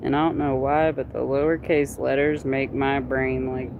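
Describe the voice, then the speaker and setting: A woman chatting casually with viewers on a live stream in an animated way. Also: rumbling low, normal speed, gravelly, phone-quality sound, background noise. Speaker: livestreamer.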